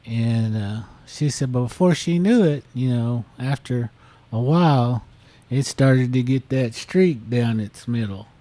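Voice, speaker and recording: Podcast co-host, male, mellow tone, loose rambling storyteller. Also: medium pitch, animated, measured pace, no room sound. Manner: rambling, many fillers. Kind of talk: casual storytelling.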